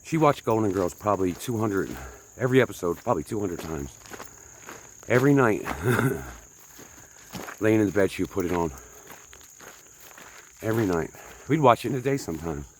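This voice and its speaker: Hiking uphill on a trail, a man with a low, expressive voice rambles briskly to his viewers over slight background noise. Out of breath but chatty, he pokes fun at himself and asks the folks watching what he should do.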